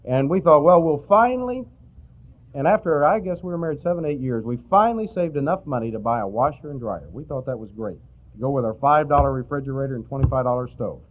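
Middle-aged male pastor, homespun anecdotes, animated rise and fall; tinny old tape. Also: medium pitch, fast talker. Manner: folksy, anecdotal, chuckling asides. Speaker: preacher. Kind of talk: sermon.

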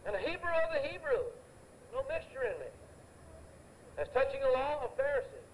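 An older man delivers a sermon in a high, lively voice, driving points home with repetition and homespun stories. Faint noise sits under the recording. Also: normal speed, rough recording. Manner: emphatic, anecdotal, repeats phrases for effect. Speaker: preacher.

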